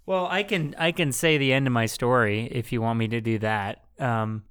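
Smooth-voiced young man hosting a podcast. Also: mid-range voice, moderate pace. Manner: relaxed, rambling storyteller. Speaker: podcast host. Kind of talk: casual podcast chat.

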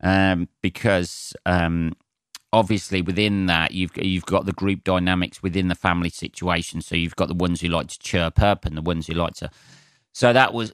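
Sweary deep-voiced English comedian rambling. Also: male voice, a bit bright, clean tone, no room sound, clean studio sound. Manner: sweary, rambling, self-mocking. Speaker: comedian and podcast host. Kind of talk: casual solo podcast monologue.

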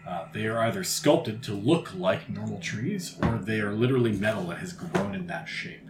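Low-voiced man narrating as game master. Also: normal speed. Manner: vivid descriptive narration with frequent uh fillers. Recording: roomy recording with steady background noise.

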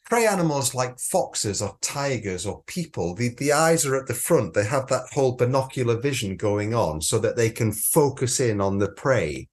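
A man's voice: medium pitch, animated, normal speed, hardly any pauses. A man co-hosting a podcast in casual, playful chat, rambling with many restarts, just over an illness. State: recovering from illness. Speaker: podcast co-host.

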